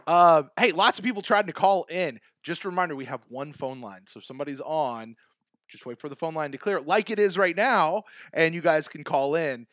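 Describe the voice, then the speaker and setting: A man's voice: fairly high pitch, fairly quick, a bit bright, no echo, clean studio sound. A man hosting a live call-in fan podcast, talking casually with plenty of restarts and fillers. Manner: casual, chatty, hesitant restarts. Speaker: podcast host.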